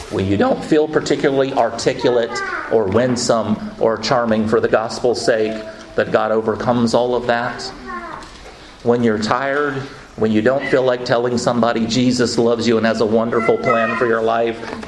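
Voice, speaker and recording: A man preaching a sermon, telling stories with quick asides and slowing down for emphatic lines. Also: medium pitch. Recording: echoey room with faint ambient noise.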